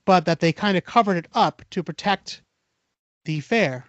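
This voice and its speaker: A man's voice: high voice, moderate pace, no room sound, dull audio. A man hosting a podcast, retelling an urban legend casually with lots of fillers and acted-out dialogue. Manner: animated retelling, acts out dialogue, many fillers. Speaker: podcast host.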